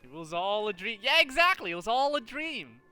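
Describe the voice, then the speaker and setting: A man streaming a game, chatting casually, animated and exasperated, swearing often at a desk mic. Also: very high-pitched, moderate pace, clean tone, soft background music. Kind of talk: casual livestream chat while gaming.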